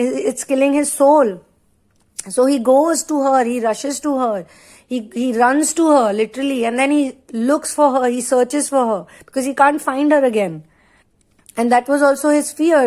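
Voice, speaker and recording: A woman's voice: high-pitched, darkish tone. A woman from India giving a casual spoken channeling talk as a tarot reader, earnest and emphatic, with frequent fillers and restarts.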